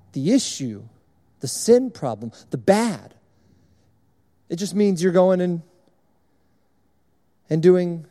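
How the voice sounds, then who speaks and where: A young man gives a sermon in a large hall, talking to the room in a relaxed, conversational way. His voice sits high but sounds mellow. A long reverb trails each phrase. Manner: conversational, illustrative, repetitive. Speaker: speaker at a church service.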